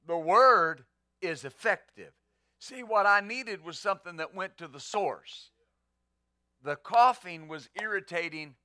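A man preaches a sermon in a notably high and bright voice, pressing each point with rhetorical questions. The sound is close and dry, with no room around it. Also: no echo. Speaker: pastor.

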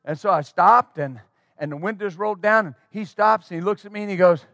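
High-voiced animated preaching man. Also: fairly quick, no room sound. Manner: folksy, animated storytelling with frequent restarts. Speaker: pastor. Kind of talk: storytelling sermon. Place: church.

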